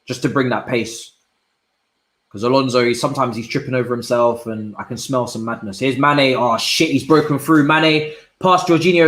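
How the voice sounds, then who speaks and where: A young man reacting live to a football match, swinging from low muttering to loud shouts and using plenty of slang. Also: normal speed, reverberant, poor audio. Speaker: football watch-along streamer. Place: indoor room at home.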